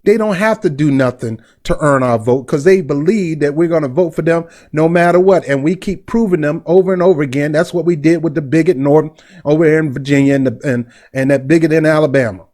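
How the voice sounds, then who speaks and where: A man's voice: on the high side, brisk, darkish tone. A middle-aged man hosting a commentary vlog, blunt and indignant, with street slang. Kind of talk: heated commentary.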